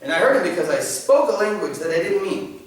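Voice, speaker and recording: A man giving an informal faith talk to a class, animated and joking, often restarting his sentences. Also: high voice, quick pace. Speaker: catechism class presenter. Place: church meeting room. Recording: very echoey room, mic at a distance.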